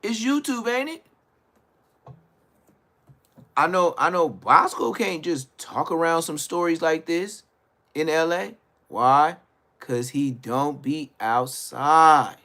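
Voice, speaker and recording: A man hosting his own live stream slowly delivers a casual, blunt, profane rant. He rambles, trails off, and restarts, shifting between low mutters and loud outbursts.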